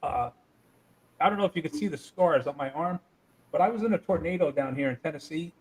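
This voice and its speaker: A man's voice: a little high, animated, a little fast, darkish tone, a little hiss or hum, low-quality recording. A man being interviewed, telling heated stories and swearing freely. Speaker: interview guest. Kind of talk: casual interview.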